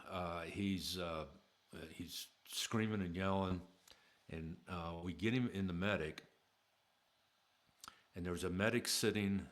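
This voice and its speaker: A middle-aged man telling a personal story in a casual, halting way, with many fillers and restarts. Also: deep voice.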